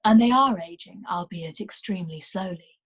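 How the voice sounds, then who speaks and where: Woman doing a polite young magician guy, formal and measured, kinda husky. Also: on the low side, rough recording. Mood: earnest. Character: courteous young male magician, guarded and formal.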